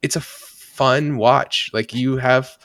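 A man's voice: mid-range voice, steady tone, slow pace, a bit bright, dry recording, clean studio sound. A man co-hosting a podcast, talking casually and rambling with lots of restarts and fillers. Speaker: podcast co-host. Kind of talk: casual chat.

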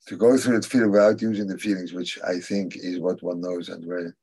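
A husky, fairly low-voiced man gives a religious class. He answers students' questions thoughtfully and haltingly, coming back to key phrases again and again to press them home. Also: level tone, warm tone. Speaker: religious teacher.

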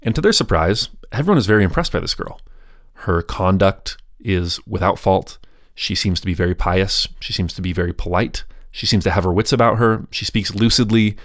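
A podcast host telling a history story in a casual, chatty way, with wry grumbling asides. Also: male voice, deep voice, expressive, fairly quick, no room sound, clean studio sound.

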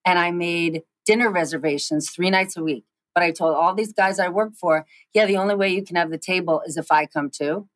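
A woman in her forties, a guest in an interview, telling quick animated stories with frequent restarts. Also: fairly low pitch, no room sound, low-quality recording. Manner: animated, fast storytelling with many restarts. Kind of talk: storytelling interview chat.

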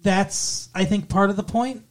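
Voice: medium pitch, steady tone, measured pace. Rambling, profane podcast co-host. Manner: profane, rambling, lots of fillers. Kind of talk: casual movie review chat.

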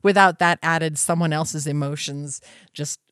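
A woman co-hosting a podcast in casual, enthusiastic conversation, breaking into animated voices when she quotes others. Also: sits low, normal speed, no echo, clean studio sound.

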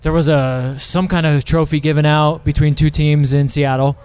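A man's voice: a little high, little pitch movement, moderate pace, darkish tone, smooth. A man co-hosting a casual podcast with dry, teasing wit. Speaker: podcast co-host. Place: office building, top floor.

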